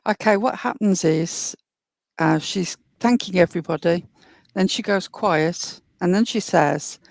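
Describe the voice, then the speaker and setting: A woman's voice: lowish voice, measured pace, creaky, no room sound. A woman hosting a commentary show, earnestly retelling and explaining a clip step by step. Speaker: commentary host.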